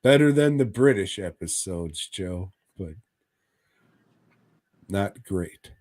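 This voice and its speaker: A man's voice: deep voice, animated, slow pace, a little mellow, no room sound, clean studio sound. A man co-hosting a podcast, recapping episodes in a crude, joking way and laughing as he talks. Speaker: podcast co-host. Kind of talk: casual chat recapping a horror anthology.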